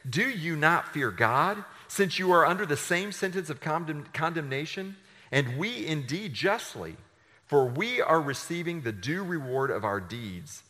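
A man's voice: medium pitch, bright, forceful tone. A man preaching a sermon, reading scripture dramatically with his voice rising and dropping. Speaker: pastor. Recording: long hall reverb.

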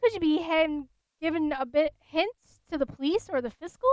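A woman's voice: high-pitched, expressive, normal speed, darkish tone, no room sound, pitched above the performer's own voice. A woman voicing an anxious Scottish hammerman in a read-aloud ghost story.

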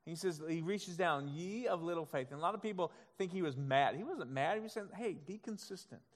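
A male pastor preaching a sermon, swinging from soft, quiet passages to loud, emphatic ones and acting out God's voice in quoted asides. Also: on the high side, expressive, brisk. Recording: long hall reverb.

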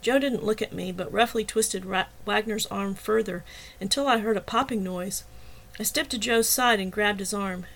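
An audiobook narrator, a woman with a mid-pitched voice, reads a first-person novel steadily and expressively at normal speed. The recording quality is low.

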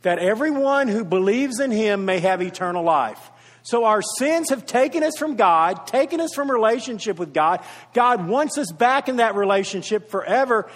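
A man's voice: high-pitched, animated, normal speed. A man preaching a sermon as pastor, earnest and repeating his key points for emphasis, with storytelling asides. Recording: reverberant hall.

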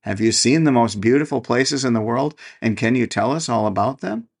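Man doing little mice, eager, curious, gravelly, storybook. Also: medium pitch, animated, normal speed.

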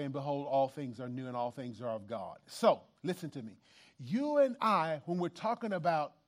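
A man preaching a sermon in church, emphatic and animated, repeating phrases and bantering with the congregation. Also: fairly high pitch. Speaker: pastor.

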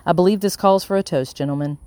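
Reader doing a curt, guarded colonial gentleman. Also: mid-range voice, quick pace, no echo, close to an everyday voice. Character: wary wealthy colonial-era gentleman. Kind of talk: audiobook character reading.

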